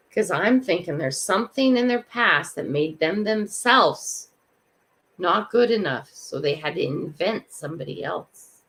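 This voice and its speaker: A woman's voice: fairly low pitch, a bit bright. An older woman hosting a morning livestream, greeting viewers by name and musing aloud in a casual, reflective way. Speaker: livestream host. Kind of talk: casual live chat.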